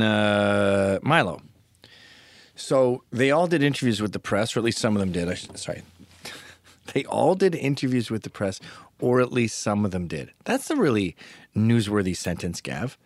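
A male podcast host rambles through a casual monologue, sarcastic and crude. His voice sits fairly low, and the sound is dry and close, with no room echo. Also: animated, measured pace.

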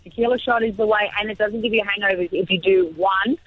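A woman's voice: mid-range voice, steady tone, quick pace, no room sound, soft background music. A woman calling in as a guest on a radio show, talking casually in a chatty, effusive way. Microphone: phone. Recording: tinny phone line.

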